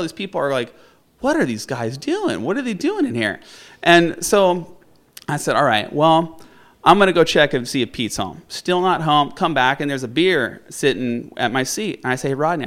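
Male storyteller, slightly high voice, lively and laughing, acts out every quote. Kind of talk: personal story told to an audience.

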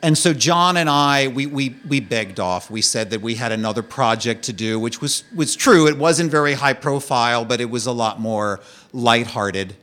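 A man telling a personal story as a monologue, with a wry, animated delivery that drops low and quiet for the darker parts. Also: normal speed, few pauses.

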